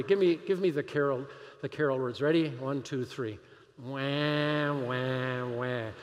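A pastor delivering a sermon, animated and emphatic, firing rhetorical questions at the congregation. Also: male voice, a little high, in a large hall.

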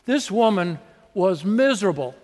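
Male pastor, slightly high voice, lively and conversational sermon delivery, long church reverb. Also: normal speed. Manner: conversational and animated, acting out little scenes.

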